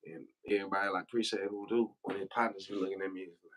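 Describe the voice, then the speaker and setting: A man from Memphis, Tennessee tells loose, profane, slangy stories on a livestream, laughing along the way. His voice sits low and fairly bright, delivered flat and rapid-fire on a low-quality recording.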